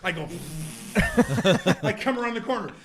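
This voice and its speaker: Brief: middle-aged male comic, high voice, swoops wide, salty animated storyteller. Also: unhurried, a loud crowd. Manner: profane, acts out voices of others in the story. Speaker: guest comedian.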